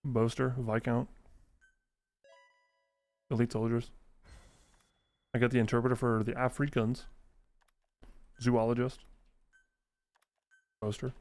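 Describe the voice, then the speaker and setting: Swearing, animated male game streamer. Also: medium pitch, takes it slowly, pauses often, soft background music. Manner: animated, exasperated ranting with frequent swearing; mutters menu choices under his breath while playing. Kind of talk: casual live-stream gameplay commentary.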